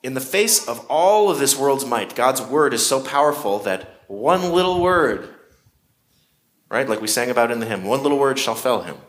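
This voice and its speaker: A man's voice: mid-range voice, animated, moderate pace. A man preaching a sermon in a conversational way, with shifting emphasis. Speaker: pastor.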